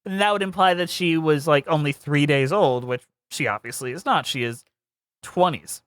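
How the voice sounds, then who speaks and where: Woman podcast co-host, opinionated and lively, dry recording. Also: low-pitched, no room sound. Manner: animated, opinionated, quick asides and laughs. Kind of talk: casual chat.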